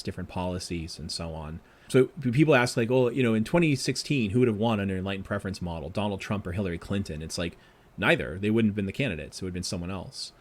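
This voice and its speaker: A man, a professor being interviewed, explaining politics in quick animated answers full of asides. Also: on the low side. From Boston area. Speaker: guest, professor.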